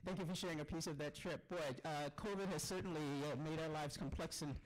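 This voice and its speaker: A man hosting a storytelling festival, thanking one teller and introducing the next in a chatty way with filler pauses. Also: a little high, steady tone, slight background noise, rough recording. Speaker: festival host. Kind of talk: casual emcee introduction.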